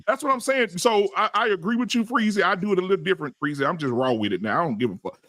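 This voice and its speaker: A man's voice: high-pitched, animated, racing, few pauses, a bit bright, dry recording. A man hosting a podcast, talking in a preachy, profane and emphatic way in heated panel talk. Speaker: podcast host. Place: live-stream podcast studio.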